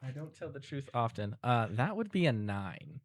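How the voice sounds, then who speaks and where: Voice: mid-range voice, normal speed, no echo. Casual tabletop player, mid voice, hesitant and easygoing. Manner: relaxed, hesitant, with frequent fillers.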